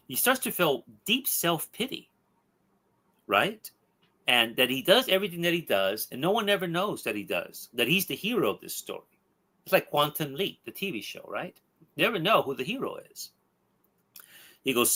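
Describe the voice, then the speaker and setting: Male podcast host, lively storyteller, bright tone. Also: mid-range voice, moderate pace. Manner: animated storyteller with tag questions. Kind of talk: retelling a comic story.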